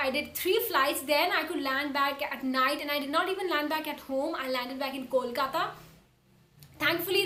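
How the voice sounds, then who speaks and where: A young woman with an Indian English accent talks to her camera in a very high, bright voice. She tells her story in a lively, emphatic way and acts out what people said. The sound is roomy, with a clear echo off the walls. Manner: animated, emphatic retelling with quoted dialogue. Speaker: vlogger, cabin crew. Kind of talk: casual storytime monologue.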